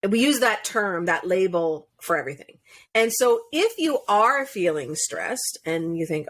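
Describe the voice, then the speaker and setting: A woman's voice: mid-range voice, lively intonation, normal speed, a bit bright. A woman coach, a podcast guest, talking in casual interview chat, earnest and explanatory, laughing now and then.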